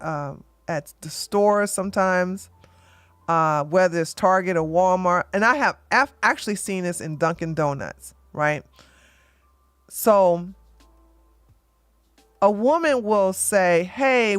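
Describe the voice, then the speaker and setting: A woman's voice: medium pitch, unhurried, no echo. Blunt, emphatic woman commentary host. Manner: blunt, emphatic, repeats points with "okay?"; gets loud and animated when acting out arguments. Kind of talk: opinionated casual commentary.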